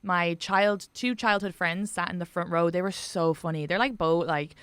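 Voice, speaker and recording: A young woman with an Irish accent chats through a story as a podcast host. Her voice is smooth and clear, and the room sounds dry and close. She laughs easily and keeps the stories going. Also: fairly low pitch, steady tone, normal speed, a bit bright, no echo. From Ireland. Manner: chatty storyteller, laughs often. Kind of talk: casual chat.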